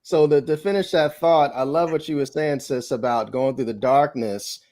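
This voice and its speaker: A man's voice: medium pitch, moderate pace, darkish tone, no room sound. A man on a spiritual panel, talking reflectively and working through analogies with many fillers. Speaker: panel guest.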